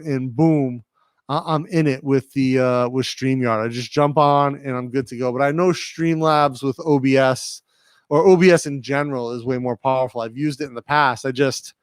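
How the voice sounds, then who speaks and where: A man with a slightly high, clean-toned voice and a light New England accent from Rhode Island, USA, hosts a livestream from his home studio with no room sound. He chats casually and reads viewer comments aloud. His manner is rambling and laid-back, and he addresses viewers directly.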